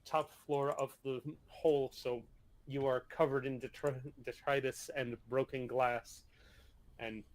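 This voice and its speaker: A man's voice: mid-range voice, flat delivery. A man narrating as game master of a tabletop game, often stopping and restarting his sentences. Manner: halting, restarts mid-sentence.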